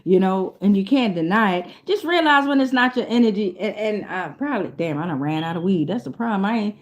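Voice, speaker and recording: A woman's voice: medium pitch, animated, a little fast. A woman casually reading oracle cards for her viewers, rambling, swearing freely and laughing often. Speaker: tarot reader. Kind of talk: casual tarot reading vlog.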